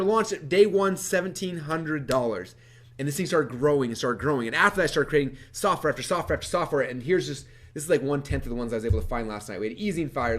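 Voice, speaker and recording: Fast, animated man telling his story. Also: on the high side. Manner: animated storytelling, acts out his past self, laughs often. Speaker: speaker. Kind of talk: energetic stage talk.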